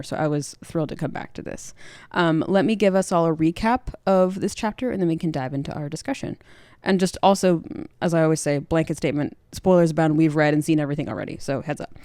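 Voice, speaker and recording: A young woman, co-hosting a podcast and recapping a book chapter in lively casual chat, jumping her pitch to act out quotes. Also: smooth, dry recording. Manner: lively, chatty, acts out quotes with quick pitch jumps. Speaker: podcast co-host.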